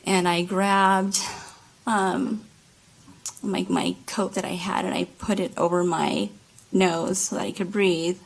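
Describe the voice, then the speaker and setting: A woman testifies from the witness stand in a courtroom, speaking slowly and haltingly. Her voice has a gravelly, creaky texture, and she often pauses on fillers and starts her sentences again. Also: lowish voice, fairly even intonation, poor audio. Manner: halting, many fillers and restarts. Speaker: trial witness. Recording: courtroom microphone.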